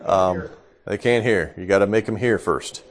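Teaching scripture informally, a middle-aged pastor keeps things relaxed and conversational, stopping often for an "okay?" and a laugh. Allergies leave his slightly low voice a little congested, and there's a faint hiss or hum in the recording.

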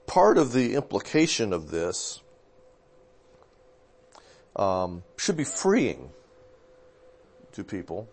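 A pastor with a fairly low voice talks theology in a loose, conversational way. He wanders, backtracks and fixes his own details as he goes, keeping it unhurried and informal. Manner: relaxed, rambling, with fillers and self-corrections. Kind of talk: casual theological discussion.

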